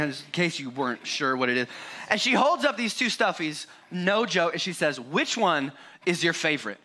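Speaking a little high with a sharp tone, a pastor in his forties jokes his way through a Sunday sermon. He chats casually and plays out scenes from home, bumping up his volume when he imitates his kids.

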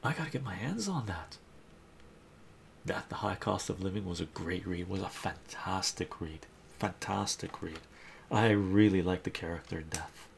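Deep gravelly man chatting about comics. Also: expressive, moderate pace, a little hiss or hum. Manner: enthusiastic, reads out chat messages and covers. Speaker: live stream host. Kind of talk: casual chat about comic books.

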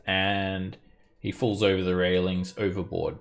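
A man's voice: low-pitched, little pitch movement, moderate pace, faint music behind. A man running an online tabletop game as dungeon master, narrating combat with frequent fillers. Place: home setup, playing online.

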